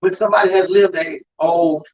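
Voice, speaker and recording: A man's voice: high voice, fairly quick. A man speaking as an undertaker, telling stories about grief to an audience in an emphatic, preaching style. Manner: animated, emphatic storytelling, addresses crowd as y'all. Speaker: undertaker giving a talk on grief. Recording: dull lo-fi live recording.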